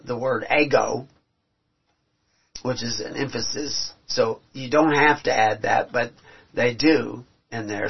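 A man's voice: mid-range voice, gravelly, husky. A man preaching a sermon, reading scripture aloud and explaining it in an earnest way that climbs to emphatic peaks. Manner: earnest, rising to emphatic peaks, halting restarts. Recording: dull lo-fi recording.

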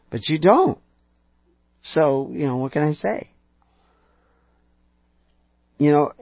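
A man's voice: medium pitch, slightly rough, dry recording. A man preaching an emphatic lecture, full of rhetorical questions and sarcastic asides, on a dull lo-fi recording.

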